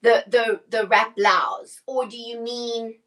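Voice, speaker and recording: A woman's voice: a little high, little pitch movement, takes it slowly, fairly bright tone, poor audio. A middle-aged woman, a personal stylist, chatting casually on a live shopping stream, answering viewer questions and often restarting her sentences.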